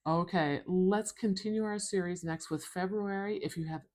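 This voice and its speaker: A woman's voice: fairly low pitch, a little mellow. A woman from Canada teaching phonetics, carefully drawing out each speech sound. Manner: slow, careful, drawn-out pronunciations of sounds. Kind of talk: slow instructional explanation.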